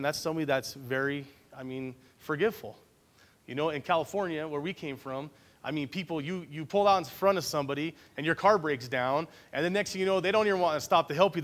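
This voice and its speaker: A man with a somewhat high voice delivers a relaxed, conversational sermon as he works through a Bible passage. He speaks plainly, as if chatting with his congregation, and keeps asking "right?" to draw them in. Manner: casual, often checks in with listeners by asking "right?". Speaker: preacher.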